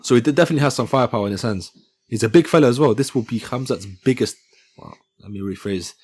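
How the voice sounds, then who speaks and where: A man's voice: mid-range voice, fast, darkish tone, breathy edge. A man hosting his own channel, giving a casual, joking breakdown of upcoming fights and often correcting himself mid-sentence. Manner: chatty and joking, with frequent self-corrections. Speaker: MMA channel host. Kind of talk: casual fight-analysis commentary.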